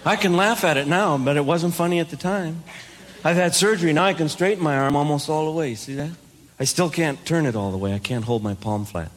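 Self-deprecating man with a high voice. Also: a little fast. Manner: self-deprecating, playful punchlines. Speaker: comedic speaker. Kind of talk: stand-up storytelling.

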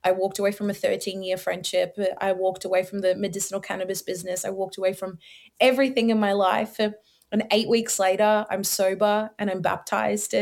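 A young adult woman, telling her personal testimony as a podcast guest in an animated, slangy way. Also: mid-range voice, a little fast, vocal fry. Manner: animated storyteller, slangy, many likes and ums.

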